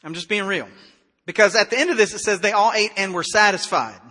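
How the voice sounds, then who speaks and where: Bright high-voiced male preacher. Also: a little fast, long reverb tail. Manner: conversational, animated preaching with acted-out dialogue. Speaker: pastor. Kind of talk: sermon.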